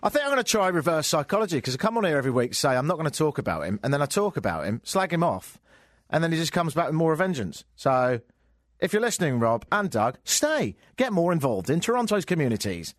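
Sarcastic English radio host, lively pitch. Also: male voice, fast talker, no room sound, clean studio sound. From England. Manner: sarcastic, joking. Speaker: radio talk show host. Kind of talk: talk radio monologue. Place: radio studio. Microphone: studio microphone.

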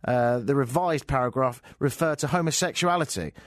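A man's voice: mid-range voice, moderate pace, no echo, studio quality. A man with an English accent hosting a talk radio show, riffing on the news in a sarcastic, joking way. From England. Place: radio studio. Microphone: studio microphone.

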